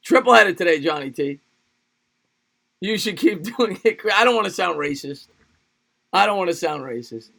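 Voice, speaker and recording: A man's voice: high-pitched, lively intonation, normal speed, vocal fry, pauses often, sharp tone. A young man hosting a livestream, calling a game play by play in a loose, joking way between replies to his chat. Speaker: livestream sports host. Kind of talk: live play-by-play and chat reaction.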